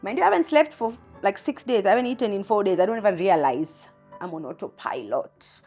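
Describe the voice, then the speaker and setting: A woman's voice: medium pitch, expressive, a little fast, a little mellow, faint music behind. A young Kenyan mother telling a raw, candid personal story about a hard day.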